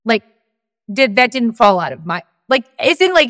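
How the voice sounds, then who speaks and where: A woman's voice: fairly high pitch, sing-song, normal speed, a bit bright, dry recording, clean studio sound. A woman telling a personal story on a podcast, rambling and full of "like", acting out what people said. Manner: rambling, full of "like" and acted-out quotes. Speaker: guest storyteller.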